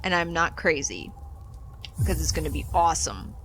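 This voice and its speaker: A woman's voice: deep voice, sing-song, normal speed, a bit bright, a little hiss or hum. A woman hosting a let's play, chatting casually and animatedly through the game with exasperated jokes. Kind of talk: casual gameplay commentary.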